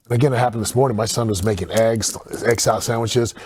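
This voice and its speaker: A man speaking as a podcast guest, telling stories in an earnest, animated way and acting out quotes. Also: on the low side, fast, a little hiss or hum. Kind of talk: casual podcast conversation.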